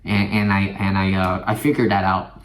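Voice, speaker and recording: A man's voice: low voice, level tone. Aggrieved young man venting in an echoey room. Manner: halting, stumbling restarts, aggrieved and swearing. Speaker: vlogger. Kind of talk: confessional rant to camera. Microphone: phone.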